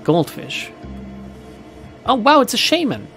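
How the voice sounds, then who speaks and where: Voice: mid-range voice, huge pitch swings, slow, a bit bright, faint music behind. A streamer playing a role-playing game, thinking aloud in casual, self-deprecating commentary. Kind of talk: casual let's-play commentary.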